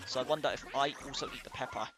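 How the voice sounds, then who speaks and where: A man's voice: medium pitch, rapid-fire, music in the background. A man giving casual let's-play commentary, rambling and thinking aloud with many fillers. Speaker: let's player.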